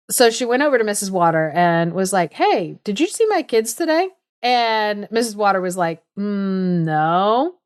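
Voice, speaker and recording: A woman co-hosting a podcast, chatting casually as she retells a folk tale, animated and full of quick asides. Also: lowish voice, dry recording, studio quality. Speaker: podcast co-host.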